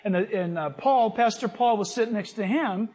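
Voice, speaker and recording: Animated high-voiced male preacher. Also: moderate pace. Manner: animated, acts out voices in his stories. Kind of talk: sermon with personal stories.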